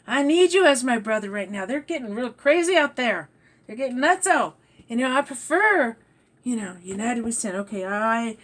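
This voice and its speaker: A woman's voice: a little high, sing-song, moderate pace, a bit bright. A woman vlogger talking in a rambling, emphatic monologue that trails off and restarts. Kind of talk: rambling spiritual-political monologue.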